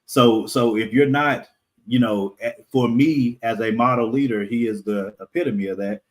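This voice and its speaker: A man from the United States talking casually as a podcast guest, halting with fillers and laughing often. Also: medium pitch. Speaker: podcast guest, comic creator. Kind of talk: casual interview conversation.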